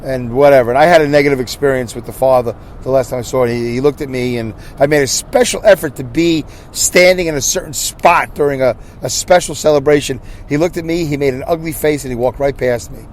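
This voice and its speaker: A man's voice: mid-range voice, fast talker, hardly any pauses, slight background noise. A man hosting a podcast, telling a story in a casual monologue with exasperated ranting and frequent restarts. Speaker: podcast host.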